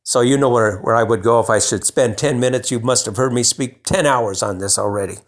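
A man's voice: medium pitch, a little fast. A man preaching a sermon in a conversational way, restarting phrases and building to emphatic bursts.

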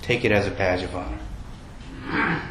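A man's voice: deep voice, very animated, slow pace. A man preaching a sermon in a conversational way, often asking his listeners questions. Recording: roomy with faint background noise.

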